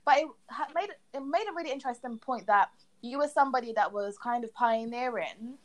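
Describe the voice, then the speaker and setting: A woman's voice: on the high side, a little fast. A woman co-hosting a podcast, asking questions with enthusiastic affirmations. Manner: warm, enthusiastic interviewer, frequent affirmations. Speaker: podcast co-host. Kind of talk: casual interview chat.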